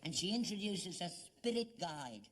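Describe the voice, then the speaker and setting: Acting in a 1970s British sitcom, an older Cockney man portrays an elderly father who is earnest and digs in defensively. He speaks at a moderate pace in a high, sing-song, slightly bright voice that's exaggerated.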